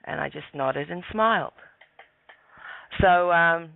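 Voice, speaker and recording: Gravelly man on a tinny phone line. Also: fairly high pitch, takes it slowly, no room sound. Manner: calm, relaxed, stammering restarts. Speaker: radio show guest caller. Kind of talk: casual storytelling.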